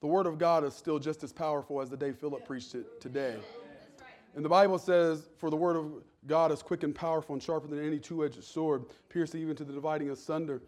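A male pastor preaching a sermon, swinging between loud, rising exhortation and quiet, chatty storytelling. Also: fairly high pitch, fairly even intonation, fairly quick.

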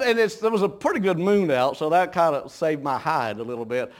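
A man's voice: on the high side, lively intonation, brisk, hardly any pauses. A man preaching a folksy sermon, telling homespun stories, chuckling often and stumbling over repeated words.

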